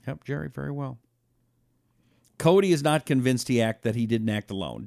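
A man's voice: mid-range voice, measured pace, creaky, long pauses, no room sound, clean studio sound. A man hosting a talk radio show, telling stories and acting out quotes. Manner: animated storytelling, acting out quotes.

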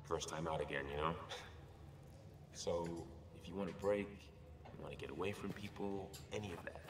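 Echoey game audio with a clear hiss behind it: a caring husband, very low and soft-spoken. He reassures gently, taking his time. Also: moderate pace. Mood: reassuring. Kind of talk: video game dialogue.

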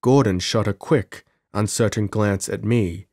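A male audiobook narrator with a fairly low voice tells the story in a measured, dramatic first-person style. He sits close to the mic in a dry, dead room. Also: steady tone, a little mellow, no echo. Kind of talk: scripted narration.

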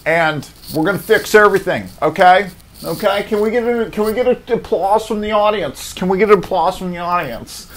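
A man's voice: high-pitched, fairly quick, slight background noise, voice pushed up, natural voice. A man doing an impression of a cheerful older male talk-show host giving counsel in a preachy, theatrical way.

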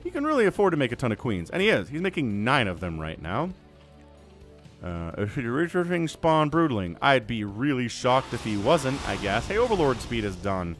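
A man's voice: medium pitch, wildly swooping pitch, moderate pace, soft background music. A man casting a strategy video game on his own, chatty and full of joking asides. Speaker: game shoutcaster. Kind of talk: casual solo game commentary.

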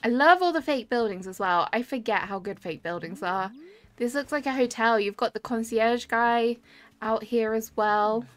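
A woman's voice: on the high side, normal speed, fairly bright tone. A woman live-streaming a game tour, chatting cheerfully and greeting her chat by name. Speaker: streamer touring game islands. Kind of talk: casual live-stream commentary. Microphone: webcam with desk mic. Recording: dry close mic, game music behind.

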